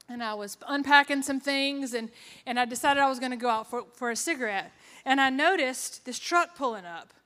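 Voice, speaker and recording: A woman's voice: sits high, sharp tone. A woman from Georgia, giving an earnest, heartfelt personal faith testimony. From Georgia, USA. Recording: reverberant hall.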